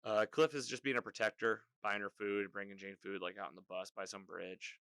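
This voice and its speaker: A man hosting a podcast, recapping a TV season in casual, rambling chat full of fillers and quick quoted lines. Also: on the low side, steady tone, pushed and bright, dry recording. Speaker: podcast host.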